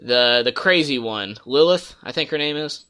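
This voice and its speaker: A man's voice: mid-range voice, lively intonation, moderate pace, bright, forceful tone, clear, resonant tone. A man hosting a casual gaming podcast, rambling through stories and acting out characters' lines. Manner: rambling storyteller, acts out game characters' lines. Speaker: podcast host.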